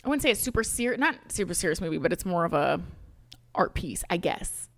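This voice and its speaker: A woman's voice: fairly low pitch, very animated, fairly quick, no echo. A young woman co-hosting a casual podcast chat, laid-back and hedging as she explains things. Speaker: podcast co-host.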